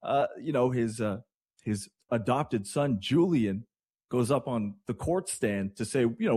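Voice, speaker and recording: A man from Canada hosting morning radio, talking in a chatty, rambling way with excitable asides. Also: medium pitch, unhurried, breathy edge, dry recording. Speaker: radio host.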